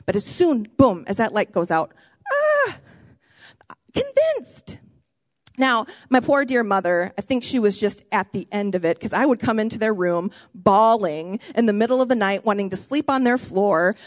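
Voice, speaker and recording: A woman pastor preaching a sermon in a church, animated and excitable, often raising her voice. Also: mid-range voice, normal speed, hardly any pauses, dry recording, studio quality. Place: church auditorium.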